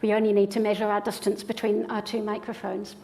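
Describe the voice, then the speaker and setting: A woman's voice: medium pitch, completely flat delivery, quick pace, darkish tone. A woman professor giving a public lecture in a hall with an audience, explaining ideas step by step in an enthusiastic way.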